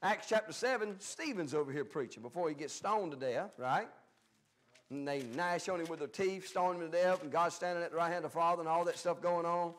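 In a brisk, fairly high-pitched voice, a male pastor works through a Bible study sermon. The tone is homespun and plain-spoken, moving back and forth between emphatic loud moments and hushed side remarks.

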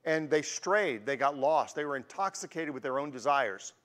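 A man's voice: fairly high pitch, lively intonation, moderate pace. A man in his sixties giving a conversational sermon as a guest preacher, telling personal stories to make his points. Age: 60s. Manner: warm storytelling with personal anecdotes. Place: church sanctuary. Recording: long church-hall reverb.

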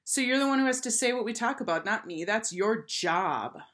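A woman's voice: fairly high pitch, lively intonation, normal speed, fairly bright tone, voice pushed up. A woman reading aloud and voicing a defiant, stubborn schoolboy who insists and sulks. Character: troubled defiant fifth-grade boy, stubborn.

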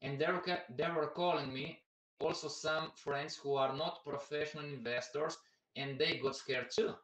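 Higher-voiced guy rambling on about investing, keeps saying everybody, sounds a bit off the mic in an echoey room. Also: steady tone, moderate pace, fairly bright tone, distant mic. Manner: chatty, repetitive, keeps addressing the audience as everybody. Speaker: investment educator hosting a live stream. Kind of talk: casual live-stream market commentary.

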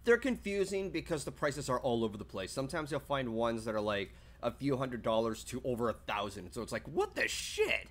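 A man's voice: medium pitch, lively intonation, brisk, few pauses. A man streaming live and chatting casually with his viewers, reading their messages aloud and swearing freely.

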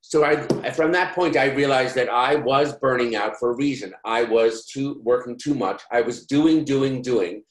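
A man's voice: mid-range voice, normal speed, hardly any pauses. A man giving a course talk, telling a personal story in a candid, conversational way full of fillers. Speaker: course speaker. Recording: roomy echo.

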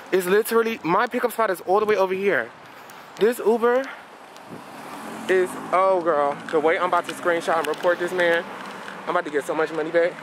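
A man vlogging while on the move, exclaiming and ranting in sassy slang into a handheld camera. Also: sits high. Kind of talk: casual vlog chat. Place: streets and a train around Long Island and the city. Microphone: handheld phone or camera. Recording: noisy outdoor phone recording.

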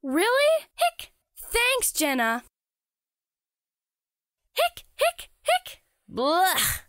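A woman doing a squeamish little schoolboy, hiccuping and squealing in a piping, very high and bright voice for a storybook read-aloud. He swoops wildly up and down and drags his words out slowly. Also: huge pitch swings, dry recording, clean studio sound, heavily acted. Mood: worried. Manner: hiccuping, squealing, drawn-out exclamations.

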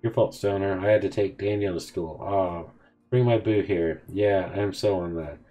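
Deep-voiced man reading texts aloud. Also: normal speed, warm tone, faint music behind. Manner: casual, offhand reading of both sides of a chat. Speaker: gaming video host. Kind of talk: reading in-game text messages aloud.

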